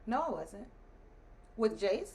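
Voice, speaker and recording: The host's wife, in her thirties and appearing as a guest, slowly tells a story in casual conversation, laughing and acting out what others said. Her medium-pitched voice is gravelly, and a slight hiss or hum is audible.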